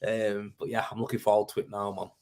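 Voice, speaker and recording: A man's voice: fairly low pitch, level tone, quick pace, darkish tone. A man hosting a casual live stream, chatting loosely and answering viewer comments with lots of fillers. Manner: chatty and rambling, full of fillers like mate and man.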